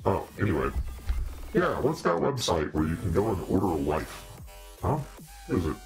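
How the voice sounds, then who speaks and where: A man with an extremely low, rumbling voice hosts a casual livestream in a demon persona. He rambles, jokes and chats directly with his viewers. Faint music sits in the background. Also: very animated, moderate pace, gravelly. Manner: rambling, joking, talks to viewers.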